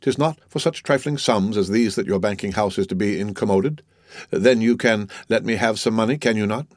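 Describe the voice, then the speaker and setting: A man's voice: fairly low pitch, no echo, studio quality, lightly acted. A man reading as Monte Cristo, cold and suave. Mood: gentlemanly. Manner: coolly ironic, unhurried. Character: cold, suave, gentlemanly wealthy count. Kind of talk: audiobook character reading.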